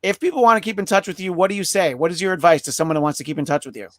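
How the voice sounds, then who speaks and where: A man hosts a podcast in a loose, rambling way, cracking jokes and restarting his sentences. His voice sits a bit high, and the sound is dry and close with no room to it. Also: very fast, fairly bright tone, dry recording. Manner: rambling, jokey, many restarts and fillers. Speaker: podcast host. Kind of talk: casual chat, wrapping up a live show.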